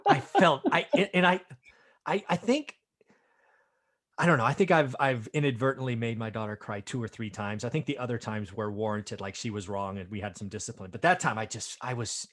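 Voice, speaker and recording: A middle-aged man hosting a casual chat, telling a story in a self-deprecating, animated way and often tagging his lines with "right?". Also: mid-range voice, fairly quick. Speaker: host.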